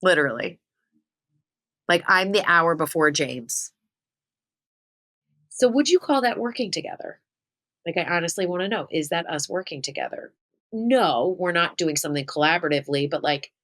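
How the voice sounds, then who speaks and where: A woman podcast host and spiritual medium telling a story in a casual, chatty way, with lots of "like" and giggles. Her voice jumps up high when she gets excited. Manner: chatty, giggly, heavy use of "like".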